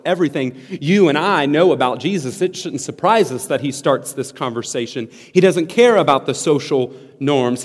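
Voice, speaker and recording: A man preaching a sermon, emphatic and earnest, often restarting words as he explains. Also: mid-range voice. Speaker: pastor. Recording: long hall reverb.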